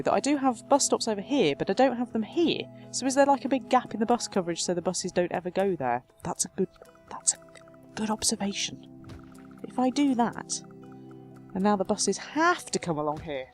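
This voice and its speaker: A woman hosts a let's play, talking through her game in a chatty, self-mocking way. Her voice sits at a middle pitch and jumps up and down as she goes. Faint game music plays underneath. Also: darkish tone. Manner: chatty and self-mocking, jumping between high and low. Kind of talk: casual gameplay commentary.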